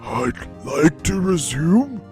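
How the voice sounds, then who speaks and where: A man with an Australian accent voicing a solemn male character from a video game, reading deliberately. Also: on the high side, sing-song, a little mellow, faint music behind, voice pushed up. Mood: formal.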